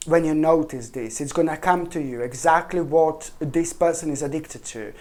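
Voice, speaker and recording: A woman with a low, deep voice reads tarot for her viewers. She speaks with earnest urgency, pleading with the listener and often repeating or restarting words as she goes. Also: moderate pace, darkish tone. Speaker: tarot reader. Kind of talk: tarot reading monologue.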